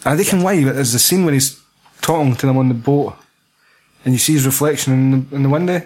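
A man's voice: medium pitch, fast talker, darkish tone. A Scottish man chatting casually about a film, swearing freely and rambling between thoughts. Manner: sweary, rambling, laughs often.

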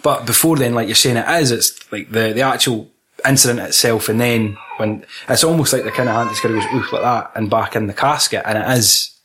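A man's voice: medium pitch, steady tone, a little fast, fairly bright tone. A man with a Scottish accent, co-hosting a casual film chat, swearing freely and laughing often. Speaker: podcast co-host.

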